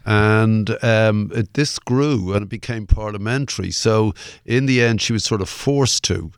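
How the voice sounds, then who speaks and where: An older Irish musician, appearing as an interview guest, rambles through a long anecdote with plenty of fillers and the odd swear. His fairly low, smooth voice moves at a measured pace in clean, echo-free studio audio.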